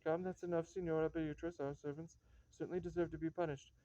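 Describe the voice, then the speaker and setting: A man playing a formal young gentleman who is stern with the servants, in a reading of a stage comedy. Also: on the high side, little pitch movement, fast talker, dry recording, lightly acted. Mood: calm. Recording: dull lo-fi recording.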